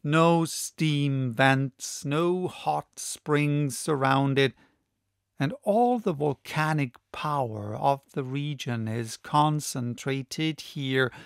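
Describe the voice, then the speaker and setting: A man narrating a classic novel as an audiobook in a measured, deliberate reading. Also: on the high side, gravelly, clean tone, no room sound, studio quality.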